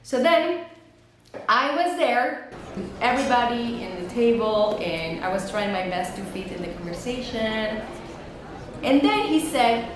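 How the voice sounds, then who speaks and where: Animated woman telling a story. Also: measured pace, noisy background. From Mexico. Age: 30s. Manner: animated, acts out quotes with dramatic pitch jumps. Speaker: vlogger. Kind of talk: storytime vlog. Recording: very echoey room, faint music.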